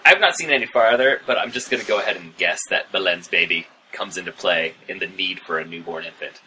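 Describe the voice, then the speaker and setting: A man's voice: sits low, fast talker, pushed and bright, a little hiss or hum, rough recording. A man co-hosting a podcast, chatting casually with playful asides. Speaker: podcast co-host. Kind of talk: casual chat.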